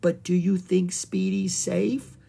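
A reader voicing an eager, curious young girl in excited, high whispers in a storybook reading. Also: slow pace, breathy edge, full character voice.

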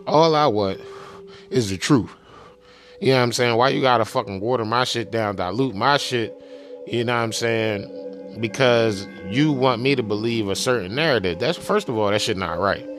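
A man's voice: medium pitch, normal speed. Profane rambling man over music. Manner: loose, profane, rambling with many fillers. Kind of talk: casual monologue. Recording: music playing behind the voice.

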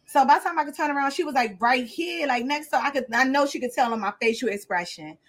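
A woman's voice: high voice, fast talker. A woman co-hosting a podcast, telling stories in casual chat and acting out what others said. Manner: animated, acts out what others said. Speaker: podcast co-host.

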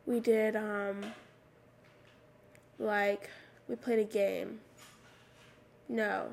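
Raspy teenage girl with a slight lisp. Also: mid-range voice, little pitch movement, very slow, long pauses, darkish tone. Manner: rambling, lots of "like" fillers. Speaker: podcast host. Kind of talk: casual solo podcast talk. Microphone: USB microphone at a computer.

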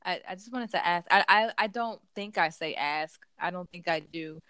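Woman podcast cohost gabbing and telling stories, lowish voice, acts out the quotes, dry close sound. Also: moderate pace, smooth, no echo. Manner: animated storytelling, acts out quotes. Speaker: podcast co-host. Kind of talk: casual chat.

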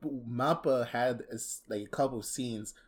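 A man's voice: medium pitch, normal speed. A man talking bluntly in a casual conversation. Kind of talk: casual chat.

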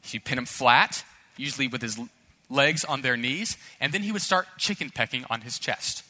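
A man's voice: mid-range voice, moderate pace, bright, forceful tone. A male pastor preaching a sermon with emphatic, earnest delivery and storytelling asides, recorded in a church sanctuary. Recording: long hall reverb in a church.

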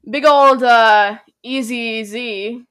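A teenage girl co-hosting a podcast, chatting casually with teasing quick reactions. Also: on the high side, steady tone, fairly bright tone, clear, resonant tone. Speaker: podcast co-host. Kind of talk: casual chat.

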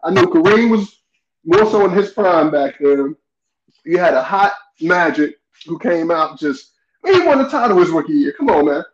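Animated male podcast guest on an echoey line. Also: on the high side, moderate pace. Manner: animated, laughing, throws questions back to the host. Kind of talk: casual sports debate. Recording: dull echoey remote line.

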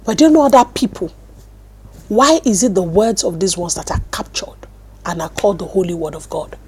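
A Nigerian woman teaching a sermon, animated storytelling that swings from loud bursts to hushed words, speaking into a mic at a desk. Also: medium pitch, moderate pace, husky. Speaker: apostle and teacher.

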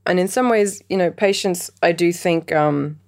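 A woman's voice: on the low side, normal speed, a little mellow. A woman musician answering interview questions, thoughtful and reflective with wry laughs. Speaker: musician guest.

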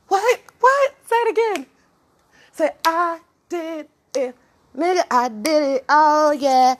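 A woman in an improvised, half-sung monologue, answering herself with rhythmic "what?" and "yeah", swinging between soft murmurs and loud sung bursts. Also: sits high, animated, takes it slowly.

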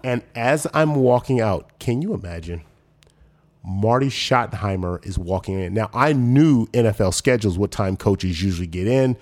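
A man in his forties, a former pro football player, telling stories as a podcast guest and acting out what people said. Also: moderate pace. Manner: animated, acts out quoted voices with big pitch jumps. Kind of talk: casual storytelling chat.

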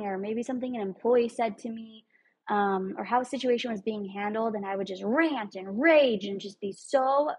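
A woman's voice: a little high, husky, rough recording. A woman speaking in an earnest, emphatic way, giving a casual motivational talk with some rambling asides.

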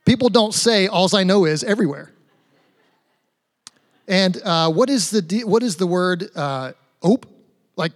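A man with a somewhat high voice preaches in a relaxed, conversational way. He keeps turning questions back on his listeners and slips in light humor. His voice rings out with the long reverb of a large hall. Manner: chatty, asks the audience rhetorical questions, light humor. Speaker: pastor. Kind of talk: conversational sermon.

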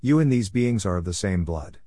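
A man voicing a wise, cryptic old grandfather spirit who speaks in a calm, teaching tone. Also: lowish voice, a little fast, dry recording, studio quality, lightly acted. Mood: patient, teaching.

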